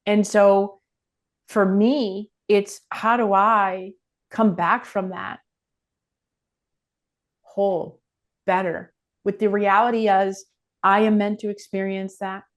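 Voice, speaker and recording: A woman's voice: medium pitch, flat delivery, slow pace, pauses often. A middle-aged woman speaking as a guest on a podcast interview, earnest and reflective.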